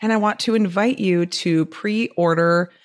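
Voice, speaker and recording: A woman's voice: medium pitch, a little slow. A woman from the Midwest with a Wisconsin accent, hosting a podcast in a chatty, upbeat way and laughing often. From American Midwest. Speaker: podcast host. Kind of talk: casual solo podcast talk.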